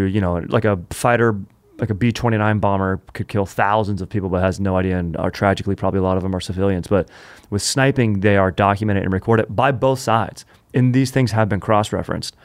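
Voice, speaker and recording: A man's voice: on the low side, no room sound. Punning male comedy podcast host. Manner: animated, joking, punning. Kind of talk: comedic history storytelling.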